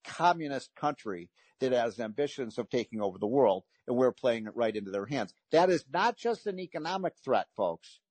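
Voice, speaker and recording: A man's voice: medium pitch, animated, moderate pace, hardly any pauses, a little mellow, dry recording. A man hosting a talk radio show, delivering an emphatic, frustrated political monologue with frequent restarts.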